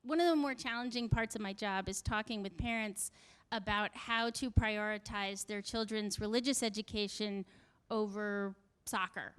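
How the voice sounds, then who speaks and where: A woman's voice: medium pitch, fairly even intonation, moderate pace, a bit bright, clean tone, no echo. A middle-aged woman telling a comic personal story in a wry, self-mocking way, acting out the voices she quotes.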